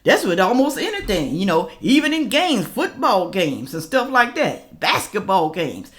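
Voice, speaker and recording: A woman gives casual news commentary to her viewers. She talks in a chatty, repetitive way and calls them y'all. Her voice rises and falls a lot at an ordinary pitch. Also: very animated, a little slow, fairly bright tone. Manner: chatty, repeats herself, addresses viewers as y'all. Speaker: reaction video host.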